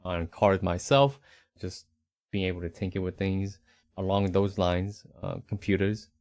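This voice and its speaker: A man's voice: low-pitched, fairly even intonation, unhurried, a little mellow, no room sound, studio quality. A young man from the Northeastern United States with a slight Rhode Island accent, chatting easily as a podcast co-host, rambling with fillers and restarts. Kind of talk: casual conversational podcast chat.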